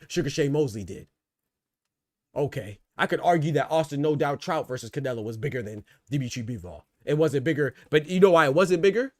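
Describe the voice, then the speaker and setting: On a casual livestream, a boxing talk show host argues his points and answers chat, repeating phrases to drive them home. His voice sits in the mid-range, recorded with studio quality and no room sound.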